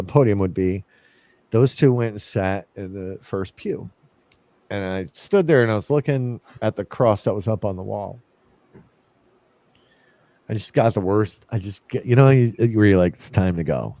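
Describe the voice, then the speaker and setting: Here a man whose voice sits on the low side, with no echo, shares a ghost story from his investigative work. His telling is casual and lively, and he reenacts the things he and others said at the time.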